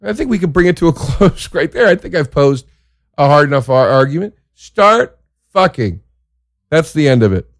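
A man's voice: a little high, fairly quick, no echo. Crude joking male comedian host, dry sound. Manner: crude, joking, swings into excited exaggeration. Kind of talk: casual storytelling monologue.

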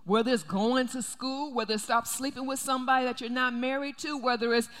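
A woman's voice: sits high, steady tone, fairly quick, a bit bright. Emphatic woman preaching in an echoey hall. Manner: emphatic, repeats key phrases. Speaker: pastor. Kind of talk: sermon. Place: church sanctuary.

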